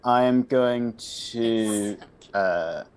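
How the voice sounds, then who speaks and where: A man's voice: mid-range voice, very slow, darkish tone, clear, resonant tone. A man playing a tabletop game, hesitant and thinking aloud with many uhs and the odd swear. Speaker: player. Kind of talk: casual tabletop play.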